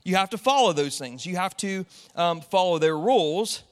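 A man delivers a sermon in a loose, chatty way, tossing in fillers and quick asides to the congregation. His voice sits high for a man. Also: expressive, in a large hall. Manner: casual, conversational preaching with many fillers. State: tearful, sniffling. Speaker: pastor.

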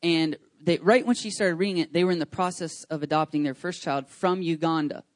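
Pastor, man, 30s, chatty and eager, slightly raised pitch, dry close sound. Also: a little fast, no echo. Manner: chatty, rambling with many fillers and restarts; enthusiastic, excitable. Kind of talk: casual church announcements. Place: church service.

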